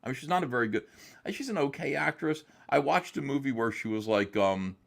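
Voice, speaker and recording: A man's voice: medium pitch, animated, a little fast, creaky. A man chatting casually as a guest on an interview show, rambling and hesitant with many fillers. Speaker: guest comic artist.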